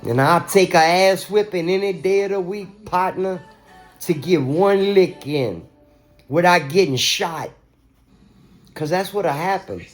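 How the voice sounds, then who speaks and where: A man in an agitated, profane and repetitive rant, talking straight to his viewers. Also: high-pitched. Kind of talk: ranting monologue to camera.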